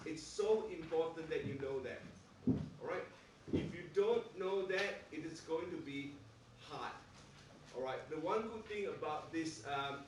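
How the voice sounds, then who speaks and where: A man's voice: a little high, slight background noise. A man teaching a maths class, speaking emphatically and checking in with "all right?" again and again. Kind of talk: classroom lecture. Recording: echoey room, mic far off.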